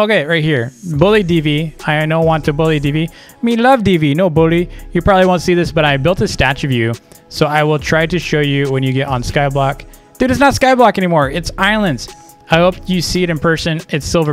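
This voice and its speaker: A young man with a somewhat high voice hosts a casual video. He reads fan messages aloud in an animated, playful way and jokes back at them. Faint music plays behind him. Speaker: YouTuber host.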